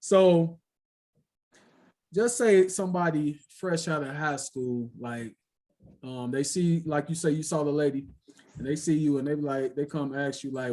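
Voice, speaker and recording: A man's voice: fairly high pitch, fairly even intonation, unhurried, mellow. Laid-back slangy male podcast host. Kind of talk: casual interview chat.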